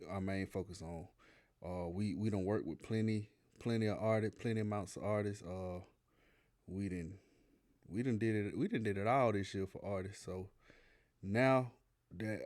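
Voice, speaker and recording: Man, low-ish voice, laid-back slangy podcast co-host, halting delivery. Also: a little mellow. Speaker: podcast co-host, production company owner. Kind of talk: casual podcast chat. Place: Atlanta.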